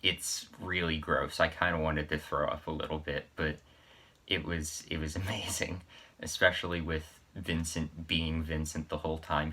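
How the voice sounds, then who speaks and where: A man with a very low, bright-edged voice talks through a horror movie's grisliest scene in a loose, rambling way. He sounds plainly delighted by the gore and keeps circling back to the kill. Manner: enthusiastic, rambling, amused by gore. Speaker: horror vlogger. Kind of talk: casual horror movie recap.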